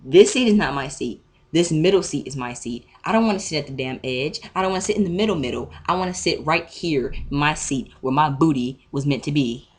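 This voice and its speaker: Low-voiced teen girl ranting. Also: fairly quick. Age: teens. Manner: animated, profane, acts out both sides of an argument. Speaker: vlogger. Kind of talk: casual storytime rant.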